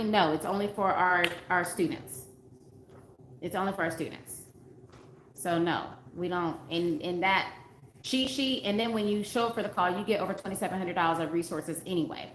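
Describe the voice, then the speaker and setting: Speaking to her livestream audience, this dating coach is casual yet earnest, hammering her points home through repetition and reading viewer comments aloud. She has a mid-range, fairly bright voice, and the room sounds spacious with a faint background hum of noise.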